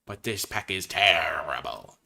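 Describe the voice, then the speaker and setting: A man's voice: low-pitched, animated, measured pace, vocal fry, sharp tone. A man giving casual commentary as he drafts cards, thinking aloud and weighing his choices. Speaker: card game streamer.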